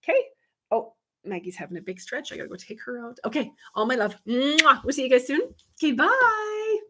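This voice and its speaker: A woman's voice: a little high, animated, fast talker, noisy background. Chatty, swearing woman livestreaming. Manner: chatty, profane, laughs often. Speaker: spiritual medium hosting a live stream. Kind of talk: casual livestream chat with viewers.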